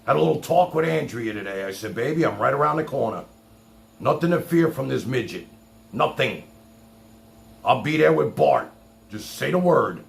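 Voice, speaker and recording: Man, livestream host, heated rant, mocking, gravelly, animated pitch. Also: normal speed. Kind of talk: ranting livestream commentary.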